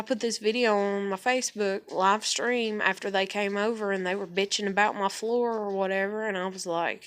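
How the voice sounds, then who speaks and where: A woman's voice: mid-range voice, steady tone, normal speed, hardly any pauses, fairly bright tone. Woman vlogger, casual on-camera rant; blunt, swears freely, hammers her points home. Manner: blunt, profane, emphatic venting.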